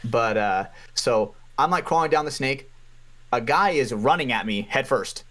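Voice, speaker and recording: A man's voice: mid-range voice, moderate pace. A man telling paintball stories as a podcast guest in casual chat, swearing freely. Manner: animated storyteller, heavy swearing.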